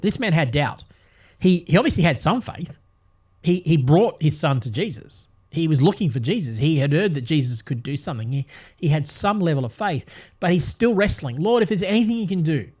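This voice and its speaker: An older man gives a devotional podcast talk, earnest and reflective, often restarting a phrase as he thinks. His voice sits a little higher than most men's. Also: a little mellow. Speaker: podcast host and Bible teacher.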